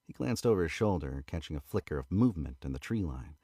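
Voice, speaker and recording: A man with an Australian accent reading a novel aloud in a relaxed, casual way, now and then correcting his own slips. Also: a bass voice, quick pace, husky, dry recording, clean studio sound. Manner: relaxed, stops to correct misread words. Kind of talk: casual read-aloud narration.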